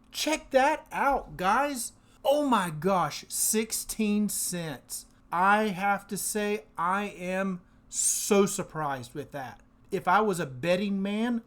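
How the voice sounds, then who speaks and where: A man hosting an investing channel, running through payout figures in casual commentary and breaking into excited exclamations and laughter. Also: sits high.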